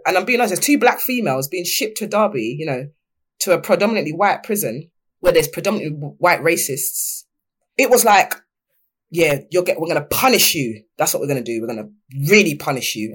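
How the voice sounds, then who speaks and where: A young woman talks candidly as an interview guest. Her telling is lively and animated, and her voice jumps when she acts out what other people said. It sounds like easy, open conversation. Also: medium pitch. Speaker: podcast guest.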